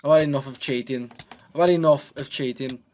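A man narrating his gameplay in a loose, joking way, often coaxing himself along as he plays. His voice sits at an ordinary middle pitch and comes through a desk microphone, with faint keyboard clicking behind him. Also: fairly even intonation, fairly quick, a little mellow, slight background noise. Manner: chatty and joking, talks to himself. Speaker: gaming channel host. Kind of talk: casual gameplay commentary.

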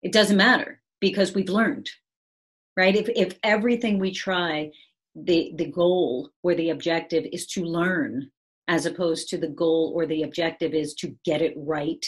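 Husky woman giving a reflective talk. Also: on the low side, steady tone, unhurried. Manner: reflective, frequently checking in with "right?". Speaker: speaker on resilience and change. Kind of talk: conversational talk on a video call.

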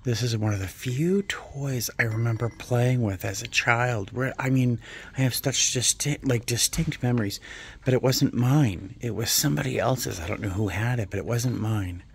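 A man vlogging while he browses antique and vintage shops, gushing and musing aloud, sometimes dropping to a soft near-whisper. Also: mid-range voice, moderate pace, vocal fry, slightly rough. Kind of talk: casual vlog narration while shopping.

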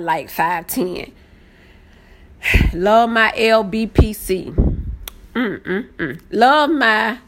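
A woman chatting casually on a live stream, greeting viewers by name and getting excited easily. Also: mid-range voice. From Southern United States. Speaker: planner live-stream host.

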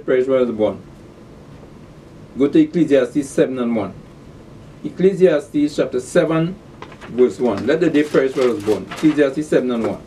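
Mellow-voiced preacher, a bit off-mic. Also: male voice, medium pitch, lively intonation, moderate pace, far from the mic, slight background noise. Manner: emphatic, repeats rhetorical questions and scripture verses. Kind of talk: scripture-reading sermon. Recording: voice set back from the mic.

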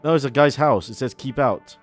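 A man's voice: mid-range voice, fairly quick, faint music behind. A man hosting a video game playthrough, chatting sarcastically and reacting aloud as he plays. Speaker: gaming channel host. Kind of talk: let's play commentary.

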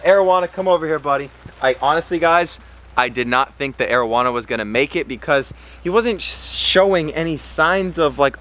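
A man filming a casual fishing vlog outdoors by a pond, chatty and excitable, hurting from a cut on his hand. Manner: excitable, talks to his fish in a high baby voice. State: in pain from a cut. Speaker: fishing vlogger.

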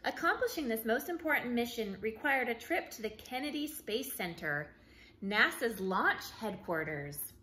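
A woman early-learning teacher reads a picture book aloud to young children, with clear and expressive storytelling. Her voice is bright and fairly high, and it moves animatedly up and down. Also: normal speed, slight background noise, low-quality recording.

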